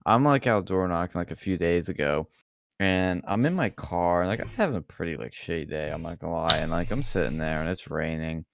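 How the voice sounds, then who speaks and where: A man's voice: sits low, animated, brisk, vocal fry. A man hosting a podcast, telling a story in a loose, casual way with lots of fillers and some swearing. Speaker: podcast host. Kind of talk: casual chat.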